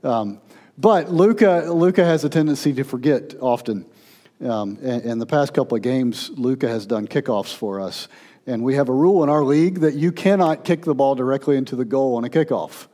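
A man, a pastor, telling stories in a sermon, turning from playful to hushed and tender. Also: medium pitch, normal speed.

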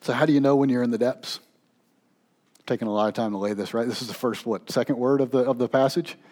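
A man preaching a sermon as pastor, swinging between raised, pleading intensity and hushed, low-voiced emphasis. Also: quick pace.

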